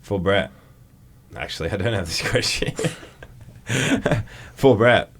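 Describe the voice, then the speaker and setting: A young Australian man with a very low voice, chatting casually as a podcast co-host. He is easygoing and quick to poke fun at himself. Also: a bit bright. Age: young adult. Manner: easygoing, self-deprecating, quick laughs. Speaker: podcast co-host, college football player. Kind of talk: casual chat.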